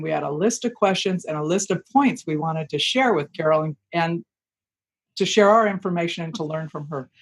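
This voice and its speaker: A woman hosts a podcast and introduces her guest with earnest appreciation. She speaks at a measured, conversational pace with a middle-pitched voice. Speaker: podcast host.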